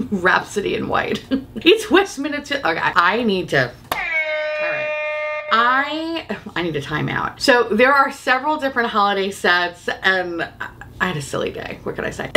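A woman, a beauty YouTuber, chatting casually about makeup, swearing freely and laughing often. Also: medium pitch. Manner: profane, giggly, animated and opinionated.

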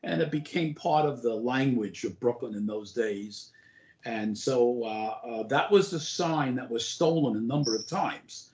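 A man's voice: medium pitch, a little slow, a little mellow. Older man telling rambling anecdotes, roomy echo. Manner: rambling anecdotes full of "uh" and restarts. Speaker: former borough president, guest. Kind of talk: casual interview storytelling.

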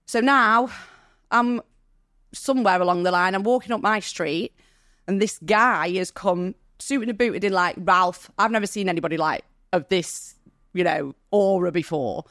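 A woman's voice: medium pitch, normal speed, fairly bright tone, no room sound. Woman, tearful, rambling and apologetic, podcast guest storytelling, dry close sound. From Manchester, England. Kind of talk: personal storytelling in a podcast interview.

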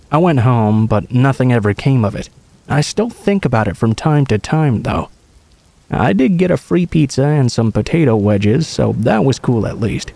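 Calm, mellow-voiced man narrating horror stories. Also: medium pitch, gravelly.

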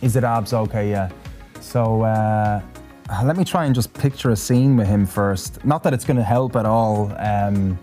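A man's voice: on the low side, a little slow, warm tone, faint music behind. A man hosting a casual live stream, chatting with guests and addressing the chat in a self-deprecating way. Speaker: host.

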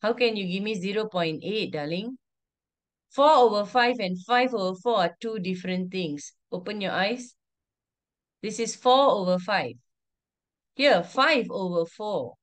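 A woman teacher, teaching an online class over a video call, firmly repeating instructions and calling on pupils by name. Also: mid-range voice. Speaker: primary school teacher.

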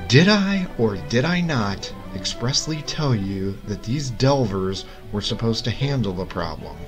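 A man voicing an angry, exasperated king who booms and scolds, with music behind. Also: animated, normal speed, natural voice, rough recording. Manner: booming and scolding.

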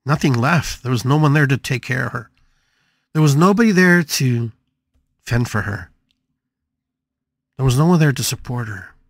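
A man's voice: mid-range voice, lively intonation, moderate pace, long pauses, no room sound, clean studio sound. Man, podcast host, mid-range voice, spiritual storytelling, emphatic repetition.

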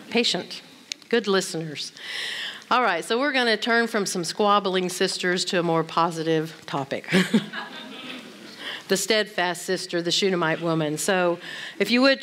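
A woman in her sixties with a fairly low voice gives a Bible teaching talk at a women's conference. She is conversational and often turns to her listeners as she speaks. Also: fairly bright tone.

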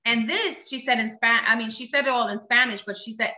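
A woman's voice: a little high, a little fast, sharp tone, echoey room, highs cut off. A woman giving a personal testimony in conversation, telling her story with emotion and acting out what others said. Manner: earnest, emotional storytelling with quoted speech.

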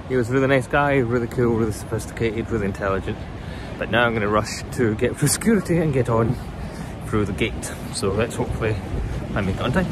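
A man's voice: mid-range voice, expressive, fast, very noisy. A man talking casually to a handheld phone camera in a rambling, self-deprecating vlog, possibly from Scotland. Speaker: vlogger.

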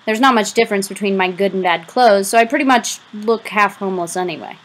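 A woman reading a novel aloud as an audiobook, giving the first-person narration a lively, expressive delivery. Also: mid-range voice, quick pace, rough recording. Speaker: audiobook reader.

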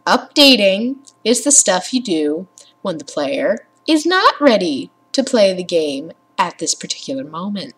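A woman's voice: fairly high pitch, a bit bright, breathy edge. A young woman rambling casually as a gaming vlogger at her home computer, sarcastic and prone to swearing and ranting. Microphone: computer mic with headphones.

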